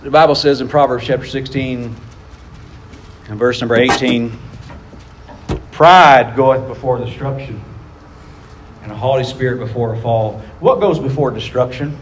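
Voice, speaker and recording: A man preaching a sermon, telling a story with animated, acted-out quotes that build in intensity. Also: mid-range voice, normal speed, pauses often, slight background noise. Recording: echoey hall.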